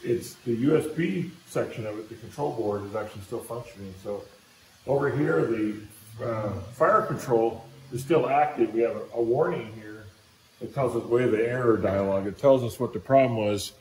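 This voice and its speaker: A man's voice: medium pitch, normal speed. A man in a casual workshop vlog, walking through a plasma cutter run and thinking aloud with restarts in a plain, practical way. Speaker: maker demonstrating a CNC plasma cutter. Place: indoor workshop. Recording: roomy echo with steady background noise.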